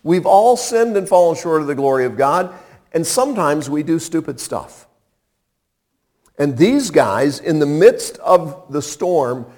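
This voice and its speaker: Lively, unhurried male preacher. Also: high voice. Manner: conversational and humorous, with dramatic pauses. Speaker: pastor. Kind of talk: sermon.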